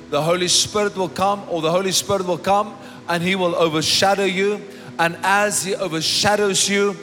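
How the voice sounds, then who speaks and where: A man's voice: high-pitched, fairly bright tone. A man preaching a sermon emphatically, repeating lines for effect, recorded live in a church hall. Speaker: pastor.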